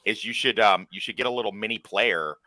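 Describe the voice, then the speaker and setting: A man in casual chat on a stream call. His voice is bright and a little tense, with a dry, close sound. He jokes bluntly and swears freely. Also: on the low side, fairly quick, no echo. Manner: blunt, joking, profane. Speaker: stream guest, army veteran. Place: small college town near Kansas City.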